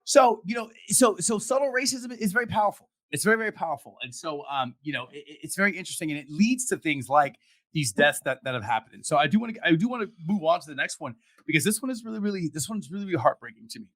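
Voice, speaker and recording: A man hosts a talk show over a video call, his voice sitting a little high and swinging widely as he gets worked up. He stops and restarts his sentences often, pressing his points with feeling. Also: expressive, fairly bright tone. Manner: impassioned, halting with repeated restarts. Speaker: podcast host. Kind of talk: emotional casual discussion.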